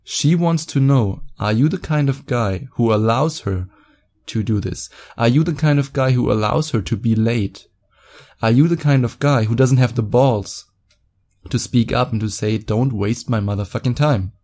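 A man's voice: medium pitch, moderate pace, darkish tone. A young man hosting a podcast, talking in a blunt, profane, boastful way. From Germany. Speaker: podcast host. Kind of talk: casual monologue podcast.

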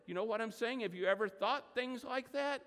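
High-voiced man preaching in a reverberant church. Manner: preaching, reads scripture slowly and loudly. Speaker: pastor. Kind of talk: sermon. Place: church sanctuary.

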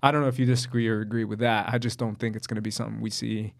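A man's voice: fairly low pitch, level tone, racing, gravelly. Young man, podcast co-host, casual chat, teasing, playful banter.

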